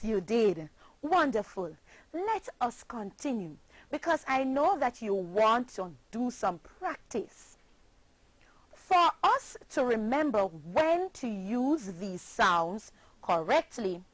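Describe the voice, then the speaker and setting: Jamaican accent, woman, children's phonics teacher, spells words out, dry voice, unhurried. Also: fairly high pitch, no room sound, low-quality recording. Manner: slow, deliberate, spells words letter by letter. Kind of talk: scripted children's phonics lesson.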